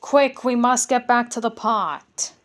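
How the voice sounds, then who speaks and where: Woman playing a bossy croaking frog from a kids' storybook, slow and steady. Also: a little high. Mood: urgent. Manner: croaking, giving orders. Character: croaking frog guardian, calm and commanding.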